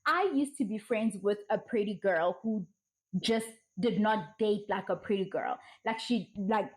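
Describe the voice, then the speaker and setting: A woman giving blunt, profane commentary, ranting emphatically and mocking others in put-on soft voices. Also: mid-range voice, unhurried, poor audio. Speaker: social commentary vlogger.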